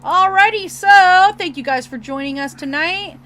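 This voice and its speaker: A woman's voice: very high-pitched, moderate pace, sharp tone. A woman co-hosting a podcast in casual chat, teasing her co-host.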